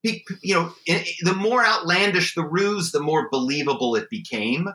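A middle-aged man tells animated stories as an interview guest, stumbling and restarting as he goes. His voice is bright and forceful. The recording carries a noticeably roomy echo. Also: fairly high pitch, moderate pace. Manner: animated anecdotes with frequent restarts and imitated voices. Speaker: guest, former corporate spy and author. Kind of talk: conversational storytelling interview.

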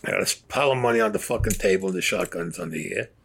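Older New man, low voice, blunt and foul-mouthed storyteller. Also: rapid-fire, gravelly, a bit bright, slightly rough. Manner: blunt, profane, streetwise. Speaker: interviewee.

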